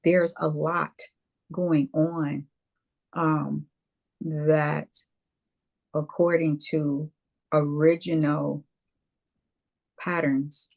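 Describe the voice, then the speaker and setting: A woman co-hosting a casual talk show, lively and emphatic, with playful asides to the audience. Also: low voice, very slow, gravelly, pauses often.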